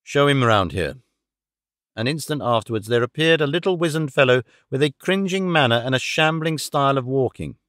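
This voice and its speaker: A man narrating a classic audiobook in a measured, formal storytelling manner. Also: mid-range voice, fairly bright tone, no echo, clean studio sound.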